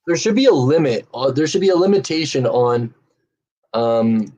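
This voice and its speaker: A man on a casual podcast chat, explaining things slowly and hesitantly with many fillers. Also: mid-range voice, lively intonation, a little mellow, dull audio.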